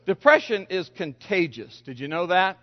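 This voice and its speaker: A man preaching a sermon as a pastor, animated, rising to loud exclamations and dropping low. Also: moderate pace. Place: church sanctuary. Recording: echoey church hall, dull lo-fi sound.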